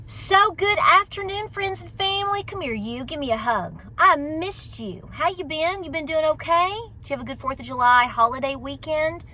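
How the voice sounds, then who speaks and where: A woman's voice: sits high, animated, moderate pace, hardly any pauses, sharp tone, slight background noise. A middle-aged woman from East Tennessee with a local accent, chatting casually and teasingly while vlogging from a car and outdoors. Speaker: homestead vlogger. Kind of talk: casual vlog chat.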